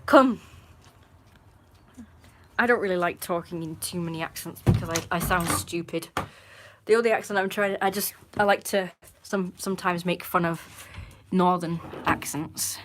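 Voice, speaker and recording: A woman's voice: on the low side, steady tone, moderate pace, background noise. A woman from northern England speaking with a put-on posh accent, chatting and rambling in a self-mocking way on a live stream. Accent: northern English, put-on posh. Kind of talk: casual live stream chat.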